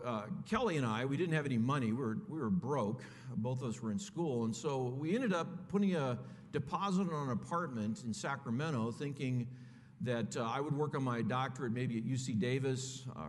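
A middle-aged man preaching, telling a personal story in a conversational way and calling his listeners folks. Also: mid-range voice. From California. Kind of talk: sermon storytelling. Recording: echoey hall.

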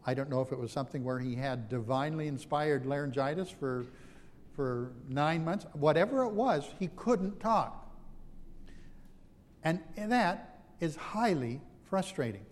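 A man's voice: on the high side, animated, measured pace, big-room sound. A man preaching a sermon in a conversational, self-deprecating storytelling manner.

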